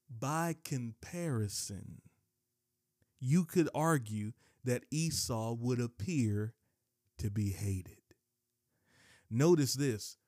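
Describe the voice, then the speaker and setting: A man's voice: on the high side, dry recording, clean studio sound. A man preaching a sermon, emphatic, repeating key phrases and reading scripture aloud. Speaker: pastor.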